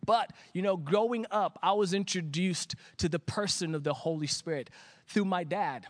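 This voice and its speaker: A man from Africa preaching a sermon to an online audience, with animated storytelling. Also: high-pitched, normal speed. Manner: animated, acts out his younger self in quoted asides. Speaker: pastor. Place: empty church streamed online.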